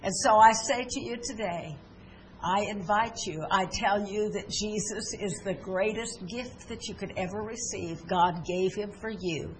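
A woman's voice: medium pitch, measured pace, slight background noise, rough recording. A woman pastor preaching a sermon in a church, earnest and leading a prayer, with many fillers and restarts.

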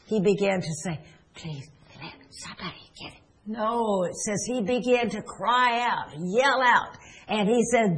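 A woman's voice: medium pitch, low-quality recording. Lady preacher telling a bible story, earnest, mid-range voice. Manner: earnest storytelling, retelling quotes and Bible stories. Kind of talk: sermon.

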